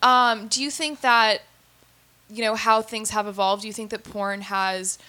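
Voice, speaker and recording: A woman's voice: medium pitch, steady tone, measured pace, sharp tone. A woman interviewer asking probing questions and reacting in a casual chat.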